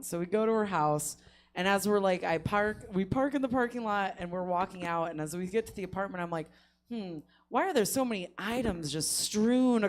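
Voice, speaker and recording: Laughing woman telling a wild story. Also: mid-range voice. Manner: laughs often while telling, animated voices for quotes. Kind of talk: casual comedic storytelling. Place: comedy theater stage.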